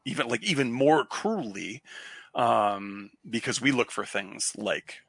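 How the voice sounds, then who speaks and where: A man from Cape Cod talks in a loose, rambling way, piling up fillers and restarts. His voice is gravelly and bright-edged with a husky grain. The sound is close and dry. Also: medium pitch, lively intonation, a little slow, no room sound. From Cape Cod, Massachusetts. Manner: rambling, many fillers and restarts, bursts of laughter. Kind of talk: casual chat.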